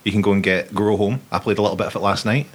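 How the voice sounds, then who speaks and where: A man's voice: lowish voice, rapid-fire, breathy edge. A young man co-hosting a podcast, rambling and jokey in casual chat. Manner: jokey, rambling, swears freely. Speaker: podcast co-host.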